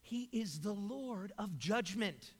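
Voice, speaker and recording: Man preaching, very high voice, emphatic rhetorical questions, long hall reverb. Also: animated, slow pace, breathy edge. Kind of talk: sermon.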